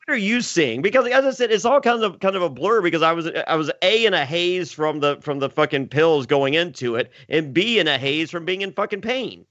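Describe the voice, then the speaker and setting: A man in his thirties tells a casual story, stammering over his words and swearing freely with a self-mocking edge. His voice sits a little high for a man. The sound is dull and lo-fi, with a close, dry feel. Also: expressive, a little fast, few pauses, a bit bright, no room sound. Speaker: podcast host and former reality contestant.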